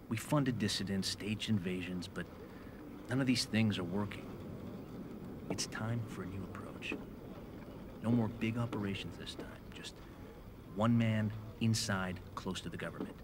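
An actor playing a cool, secretive male intelligence agent who talks in a low, measured way in a video game cutscene. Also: lightly acted. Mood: hushed. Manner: low, measured, drops to a hush. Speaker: government agent. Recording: game audio with noisy background.

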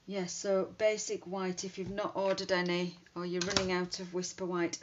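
Woman, lowish voice, chatty craft demo; dull lo-fi recording with light hiss. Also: level tone, normal speed, hardly any pauses. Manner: chatty, thinking aloud while working. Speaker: card-making demonstrator. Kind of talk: casual craft demonstration. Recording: dull lo-fi sound with faint hiss.

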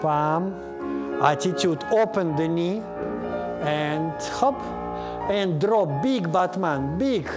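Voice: medium pitch, expressive, takes it slowly, long pauses. A ballet teacher, a native Russian speaker with a Russian accent, counting beats and correcting students by name during a class in a studio. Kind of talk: live ballet class instruction. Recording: class music playing behind. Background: piano accompaniment.

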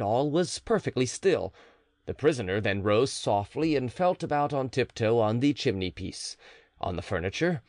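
A man narrating a classic story as an audiobook, with expressive storytelling. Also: medium pitch, no room sound, studio quality.

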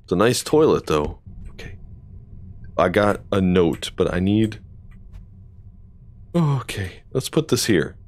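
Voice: low voice, very animated, takes it slowly, long pauses, darkish tone. Profane streamer reacting to a horror game. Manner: swearing, jumpy reactions, thinking aloud. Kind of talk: live gameplay commentary.

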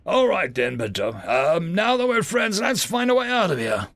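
A cocky young man, as a male narrator plays him, teasing his alien captor and cooing at a big dog. The voice is lifted higher than the narration and lively in its swings, with a gravelly grain underneath. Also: normal speed, no room sound, heavily acted. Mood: cheerful.

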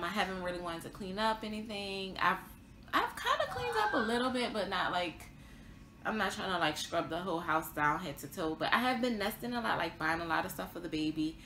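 A young woman vlogs her pregnancy update in a chatty, rambling way, full of fillers and small laughs. Her voice is bright and forward. The room gives it a noticeable echo with faint ambience behind. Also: mid-range voice, slight background noise. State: pregnant, tired. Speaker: vlogger. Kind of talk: casual pregnancy update vlog.

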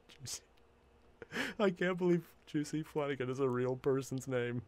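A man hosting a reaction video, chatting casually, excitable and laughing often as he swears freely. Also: mid-range voice, moderate pace, no room sound.

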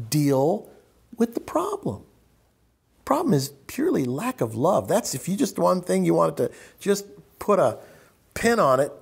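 A middle-aged man hosting a group discussion, giving a reflective spiritual talk with animated storytelling and sharp jumps in pitch. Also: creaky, husky.

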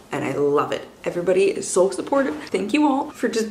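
A woman's voice: mid-range voice, animated, fairly quick, few pauses, a little mellow, a little hiss or hum. A young woman vlogging at home about books, chatty and casually swearing, cooing at her pets. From Canada. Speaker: book vlogger. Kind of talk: casual vlog chat. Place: at home indoors. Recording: roomy echo.

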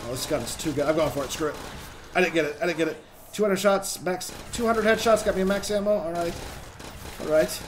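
Chatty high-voiced young man gaming. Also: fairly quick, slight background noise. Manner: chatty, excitable, swears under pressure. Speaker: gaming channel host. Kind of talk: casual gameplay commentary.

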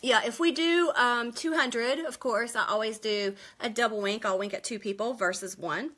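A woman from West Virginia hosting a casual live makeup tutorial from home, chatty and quick, greeting viewers by name. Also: on the high side, fairly bright tone. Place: at home indoors.

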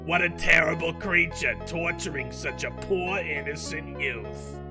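A man voicing a gentle, motherly caretaker woman, over loud game music. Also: fairly high pitch, lightly acted. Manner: slow, soft, motherly.

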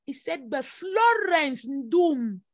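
A high-pitched woman leads a prophetic prayer session. She presses her points with emphatic repetition and sudden exclamations. The sound is dry and close, with no room around it. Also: very animated, drawn-out words, no room sound. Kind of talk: prophetic sermon over prayer call.

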